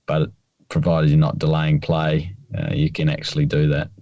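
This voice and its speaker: A man co-hosting a podcast as the rules expert, explaining things in a laid-back, measured way. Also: a bass voice, completely flat delivery, mellow, no echo, lo-fi sound. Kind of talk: casual chat.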